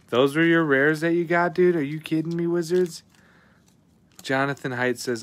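A man hosting a live card-opening stream, chatting casually with viewers, excitable and often swearing as he reacts to each pull. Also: high voice, moderate pace.

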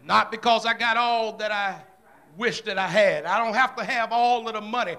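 A man preaching a fervent sermon in a church service, swinging from shouted lines down to hushed ones and calling out "come on" and "amen" between phrases. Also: sits high, normal speed.

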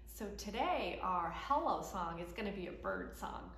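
A woman's voice: mid-range voice, big pitch swings, normal speed, a bit bright. A woman running a children's story time, reading picture books aloud and singing, cheerful and sing-song. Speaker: children's librarian. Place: library. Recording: echoey room with faint background noise.

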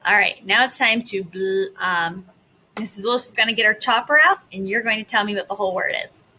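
A woman's voice: mid-range voice, slight background noise. A woman teacher leading a phonics lesson for young children, carefully sounding out each word and praising her class. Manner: slow, deliberate enunciation of sounds and words; bright, encouraging classroom tone.

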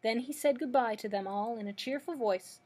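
A woman librarian reading a children's classic aloud in a calm, measured way. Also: on the high side. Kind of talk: read-aloud narration.

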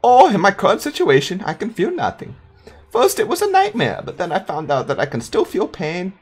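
A woman voicing a polite, gentle male zombie with a put-on German accent, in a higher sing-song voice. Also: wildly swooping pitch, fairly quick, breathy edge, soft background music. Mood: musing. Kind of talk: voicing game dialogue.

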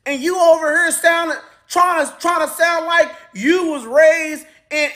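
A woman's voice: very high-pitched, a little slow, few pauses, fairly bright tone. A woman giving emphatic, mocking commentary.

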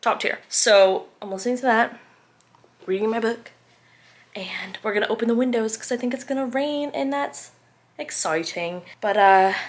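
A woman in her twenties chatting casually to camera at home as a book vlogger, candid and rambling, often trailing off mid-thought. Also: fairly high pitch. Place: home, indoors.

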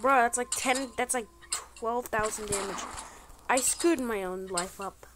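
Woman yelling and joking thru her gameplay, slangy, kinda high voice. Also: unhurried, noisy background. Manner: excitable, bursts of exclamations; playful trolling banter, slangy. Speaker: gaming channel host. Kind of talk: gameplay commentary.

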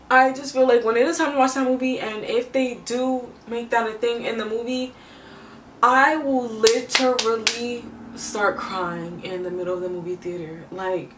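A young woman hosting a casual music reaction vlog, expressive and emotional, talking straight to her viewers. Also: on the high side, unhurried, a little hiss or hum. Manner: expressive, emotional, laughs often. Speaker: reaction video host. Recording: echoey room, mic at a distance.

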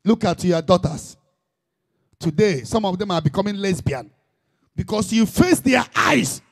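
A man's voice: high-pitched, very animated, a little slow, gravelly. A man preaching an impassioned sermon in Igbo-accented Nigerian English, dropping in Igbo phrases.

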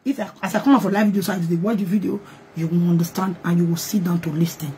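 A woman with a Nigerian accent and a low, mellow, husky voice talks fast on a live video as an online gist host, pleading and apologizing. She switches between English and pidgin, slipping into sung chants, on a rough recording.

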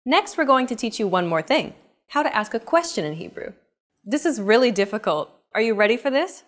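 A woman's voice: fairly high pitch, big pitch swings, fairly quick. A woman hosting a scripted language lesson, explaining each step and turning questions to the viewer in an upbeat way. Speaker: lesson host.

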